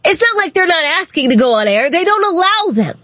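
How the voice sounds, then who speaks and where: A woman's voice: very high-pitched, sing-song, brisk, sharp tone, no echo. A woman hosting a political talk show, delivering a sarcastic, mocking commentary monologue and laughing at her own jokes.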